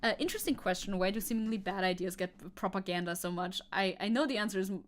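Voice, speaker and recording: A woman's voice: mid-range voice, quick pace, a little hiss or hum. A woman streaming live, chatting casually and reading news and chat messages aloud, opinionated, swearing casually and laughing often. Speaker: VTuber streamer.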